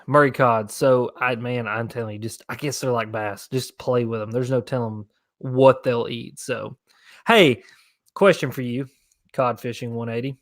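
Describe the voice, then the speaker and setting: A man's voice: mid-range voice, measured pace, fairly bright tone, dry recording, clean studio sound. A young man hosting a casual fishing livestream and answering viewer questions in a laid-back, rambling way. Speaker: fishing channel host.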